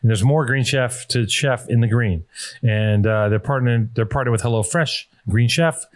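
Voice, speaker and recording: A man's voice: mid-range voice, normal speed. A man hosting a podcast, telling a rambling, profane story in casual chat and reading an ad. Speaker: podcast host.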